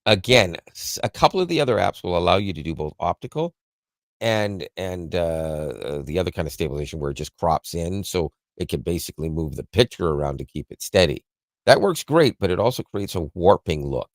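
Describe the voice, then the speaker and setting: Casting: very low-voiced male tech podcaster, loose and rambling, dry close mic. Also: expressive, fairly quick, no room sound. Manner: rambling, self-correcting, chuckles often. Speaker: podcast co-host explaining tech. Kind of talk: casual tech podcast chat.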